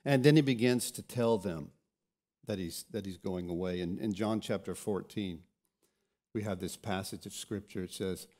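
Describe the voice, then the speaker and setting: A man's voice: deep voice, moderate pace, darkish tone. A pastor preaching a sermon, often repeating words as he restarts, and telling scripture stories dramatically.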